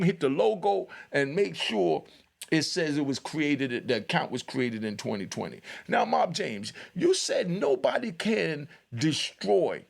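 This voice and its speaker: A man's voice: medium pitch, vocal fry. A man hosting a commentary channel, speaking straight to the camera in a blunt, lecturing way and filling his talk with "you know". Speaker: YouTube commentary host. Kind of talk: direct-address commentary.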